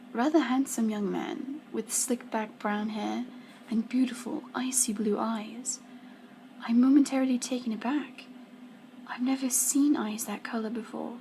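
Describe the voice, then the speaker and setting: A woman's voice: a little high, mellow, a little hiss or hum, rough recording. A young woman reading her own first-person story aloud for a school project, sometimes dropping into whispers and stumbling now and then. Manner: slips into whispers, small stumbles. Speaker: student reader.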